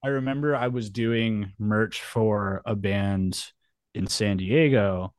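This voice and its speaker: A man talking as a podcast guest, swearing freely and telling animated stories in casual chat. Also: lowish voice, slow, no room sound. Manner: profane, animated storyteller.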